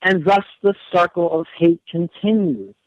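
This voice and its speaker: A man's voice: high-pitched, fairly even intonation, a little slow, no room sound, dull audio. A man as a radio show guest, talking earnestly in long rambling runs and often repeating his words. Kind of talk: casual radio interview.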